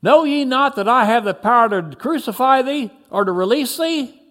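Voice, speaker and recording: A stern Roman governor, put on by a man reading aloud, pressing his questions in slow, archaic phrasing with a raised voice. His tone swings widely, rising and falling. It sounds like a dramatized scripture reading. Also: very high-pitched, expressive, a bit bright, pitched above the performer's own voice. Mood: questioning. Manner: archaic formal speech, slow and emphatic.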